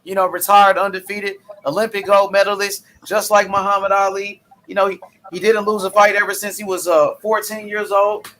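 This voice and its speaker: A man's voice: high-pitched, little pitch movement, fairly quick, pushed and bright, slight background noise. A man hosting a casual boxing chat, enthusiastic and leaning on "you know". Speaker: boxing channel host.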